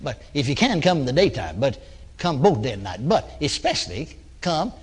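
With a mid-range, very animated voice that has a breathy edge, a preacher moves at a moderate pace through a folksy sermon. He voices his exchanges with people who came up for prayer and chuckles between points.

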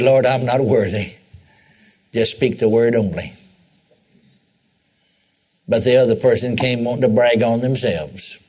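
A man's voice: medium pitch, a little mellow, husky. A male preacher giving a sermon in a folksy storytelling way, with repeated phrases and asides to the congregation.

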